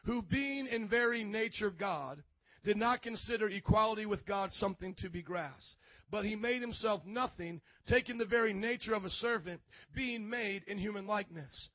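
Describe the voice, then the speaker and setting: A man's voice: high voice, normal speed, no room sound, muffled recording. A man in his thirties preaching a sermon as pastor, calling for amens and acting out quoted voices. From grew up in an Italian family. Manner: call-and-response preaching, asks congregation for amens.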